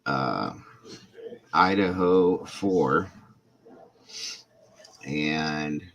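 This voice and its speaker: Low-voiced man, congested, chatting with viewers. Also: lively intonation, very slow, vocal fry, fairly bright tone, lo-fi sound, a little hiss or hum. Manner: friendly, greets chat viewers by name. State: congested and coughing from illness. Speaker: true crime YouTube livestream host. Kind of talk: casual livestream chat greeting viewers.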